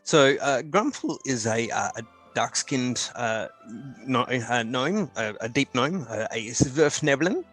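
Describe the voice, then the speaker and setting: A man's voice: mid-range voice, lively intonation, unhurried, fairly bright tone, faint music behind. A man playing in a tabletop game, describing his character with many hesitations and restarts. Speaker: player.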